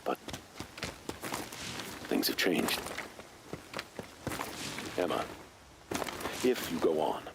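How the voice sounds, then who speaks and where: Really deep serious game mentor, measured, noisy game audio. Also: male voice, big pitch swings, vocal fry, exaggerated voice. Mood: solemn. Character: grave male game character, mentor-like. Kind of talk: game dialogue.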